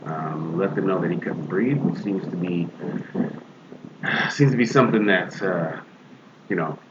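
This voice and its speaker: Low-voiced man talking earnestly on a podcast. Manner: earnest, halting, many restarts, acts out quoted voices. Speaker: podcast co-host. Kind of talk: casual podcast discussion. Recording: dull lo-fi audio with faint hiss.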